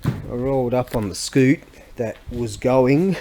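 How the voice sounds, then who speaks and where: A man's voice: mid-range voice, slow pace, dark tone. A man, chatting casually in a rambling, self-interrupting vlog. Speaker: vlogger.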